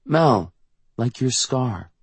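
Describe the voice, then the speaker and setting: Man voicing a teenage girl, soft and pleading, husky, dry sound. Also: medium pitch, animated, extremely slow, no echo, voice pushed up, full character voice. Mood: earnest. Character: teenage girl Mel, worried sister.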